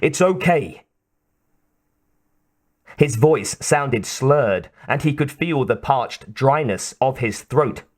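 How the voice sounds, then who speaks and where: A man reading an audiobook in a slow, measured narration. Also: mid-range voice.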